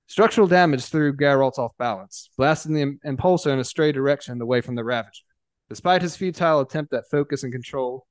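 A man reads a story aloud at an even, mid-range pitch, with small slips and restarts as he goes. His voice is close and dry, with no room echo. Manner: steady reading with small restarts. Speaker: narrator. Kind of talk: scripted story narration.

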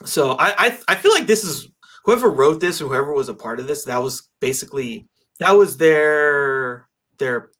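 A man's voice: on the high side, lively intonation, moderate pace, fairly bright tone. A man in casual conversation about a film, rambling with lots of fillers and restarts. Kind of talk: casual movie discussion.

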